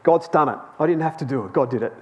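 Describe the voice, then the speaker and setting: A man's voice: fairly high pitch, fast talker, a little mellow. A man telling a personal story in a chatty, anecdotal sermon to a youth Bible class in a church hall. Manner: chatty and anecdotal, with laughs and restarts.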